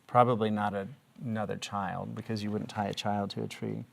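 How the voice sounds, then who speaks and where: A man's voice: lowish voice, level tone, a little fast, creaky. A man teaching a reading lesson in a classroom, asking young pupils patient, encouraging questions.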